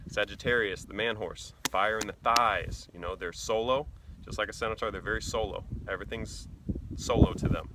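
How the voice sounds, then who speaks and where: A man explaining things casually in a blunt, animated and profane way. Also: lowish voice, moderate pace, background noise. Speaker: vlogger.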